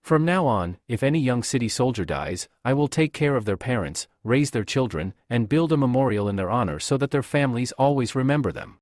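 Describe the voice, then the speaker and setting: A man's voice: mid-range voice, sing-song, fairly quick, hardly any pauses, a little mellow, no echo, clean studio sound, lightly acted. A man voicing a young male city lord who gives commands and reassures his people. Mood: commanding.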